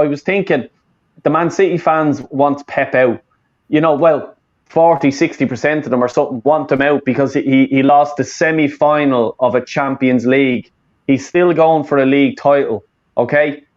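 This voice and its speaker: A man's voice: a little high, darkish tone, highs cut off. A man, hosting a casual football fan chat, rambling and swearing with lots of fillers and restarts. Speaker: fan channel host.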